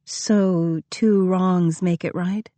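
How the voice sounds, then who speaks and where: A woman's voice: on the low side, fairly even intonation, drawn-out words, mellow, no echo. A woman reading the part of a young woman who has been deceived by her lover, speaking emotionally and accusingly. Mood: hurt.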